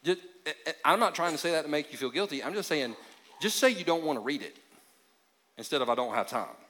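A male pastor preaching a sermon in a conversational, joking way, with sudden drops into quiet emphasis. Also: fairly high pitch, lively intonation, quick pace. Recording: long hall reverb.

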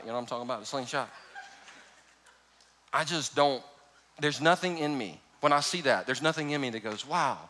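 A man preaching a sermon as pastor, animated and emphatic, with humorous storytelling. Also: fairly high pitch.

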